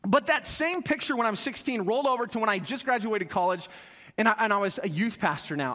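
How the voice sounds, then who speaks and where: A man in his thirties preaching a sermon as pastor, animated, acting out little asides and prompting the crowd to answer. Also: sits high. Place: church auditorium. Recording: long reverb of a large hall.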